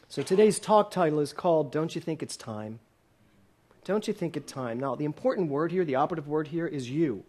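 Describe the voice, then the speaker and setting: A man in his sixties preaches to a congregation in a church hall, his voice sitting a little higher than most men's. He keeps asking the room questions. Now and then he turns playful and jokes with them. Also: a little mellow. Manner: asks the congregation many questions, playful and laughing at times. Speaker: minister. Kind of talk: sermon.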